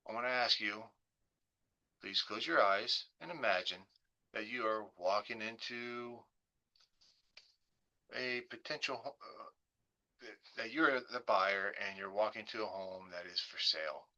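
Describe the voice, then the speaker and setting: Male real estate host, slightly low voice, storytelling guided-imagery workshop. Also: fairly even intonation, bright, forceful tone, muffled recording. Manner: slow, coaxing, imaginative storytelling. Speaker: real estate agent hosting a webinar.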